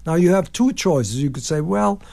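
A man in his nineties, appearing as a composer guest on radio, shares animated stories, acting out quotations and singing phrases along the way. He talks at a normal speed in a somewhat high voice with vocal fry.

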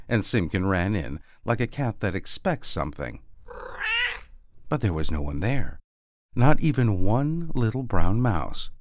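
A man reading a storybook aloud in a gentle, expressive read-aloud manner with soft dips. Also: sits low, unhurried, no room sound, studio quality.

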